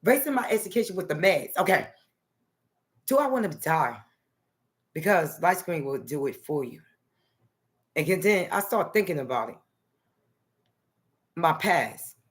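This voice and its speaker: A woman's voice: fairly low pitch, lively intonation, measured pace, pauses often. A woman from New Jersey talking in a loose, rambling personal monologue to the camera, dotting her talk with "okay" and "nice". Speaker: vlogger.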